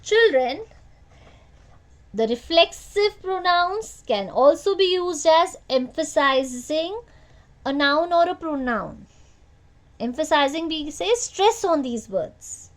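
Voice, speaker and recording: Lady teaching kids grammar, slow and high-voiced, keeps asking the class back. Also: lively intonation. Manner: slow, repetitive teacher talk with questions to the class. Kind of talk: online grammar lesson for children.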